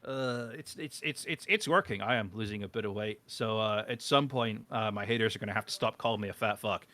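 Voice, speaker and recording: Bright-voiced crude British man rambling. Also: lowish voice, fairly quick, dry recording. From Britain. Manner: rambling, crude, self-mocking. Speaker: streamer. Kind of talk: casual live-stream chat.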